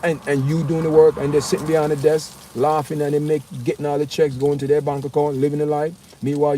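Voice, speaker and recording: A man chatting casually with his livestream viewers, animated and talking straight to the chat, outdoors on a windy street. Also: on the high side. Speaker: livestream host. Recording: faint outdoor street noise.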